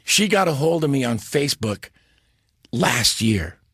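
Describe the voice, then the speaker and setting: A man, a podcast guest, telling stories in a lively, animated way and slipping into character voices. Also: mid-range voice, unhurried, breathy edge, no echo, clean studio sound. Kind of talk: casual interview storytelling.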